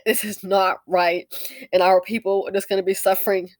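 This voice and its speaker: A woman's voice: medium pitch, flat delivery, moderate pace, a little mellow. A woman hosting a commentary channel, talking emotionally and angrily about a news video. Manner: emotional, angry and heated. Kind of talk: casual opinion commentary.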